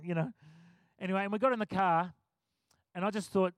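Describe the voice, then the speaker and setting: A middle-aged man preaching a sermon, telling stories in a relaxed conversational way and laughing often. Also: sits high, fairly quick, pauses often, dry recording. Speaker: pastor.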